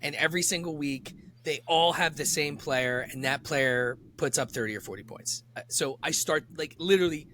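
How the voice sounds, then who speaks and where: A man co-hosting a podcast in casual chat, excitable and quick to laugh and curse. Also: fairly high pitch, slight background noise. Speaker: podcast co-host.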